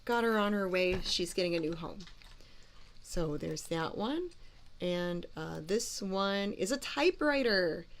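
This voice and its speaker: A woman's voice: fairly low pitch, lively intonation, a little slow. A woman with a Cleveland accent and a nasal voice, co-hosting a casual livestream chat and reading viewer comments aloud. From Cleveland, Ohio. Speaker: podcast co-host.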